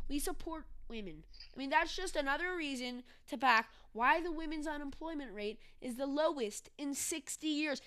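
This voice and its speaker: A woman's voice: sits high, lively intonation, normal speed, few pauses, bright, forceful tone. A woman hosting a casual political commentary podcast, ranting sarcastically. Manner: sarcastic, ranting, mocks with put-on voices. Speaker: podcast host.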